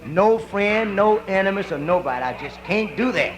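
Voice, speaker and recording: A man's voice: sits high, animated, normal speed, crowd noise. A male comedian voicing a stubborn, tempted young widow who earnestly protests her promise. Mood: protesting.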